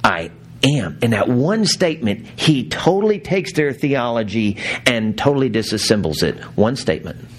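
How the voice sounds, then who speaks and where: A man's voice: medium pitch, animated, moderate pace, few pauses, slightly rough. Man, pastor, preaching sermon, storytelling, laughs, acted-out quotes.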